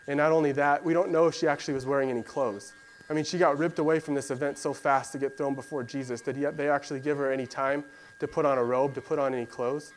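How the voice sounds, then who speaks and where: A man's voice: medium pitch, fairly even intonation, fast, a little hiss or hum, poor audio. A man preaching a sermon in a conversational, storytelling way, with "um" and "you know" fillers. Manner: conversational storytelling with fillers, acts out voices of biblical figures.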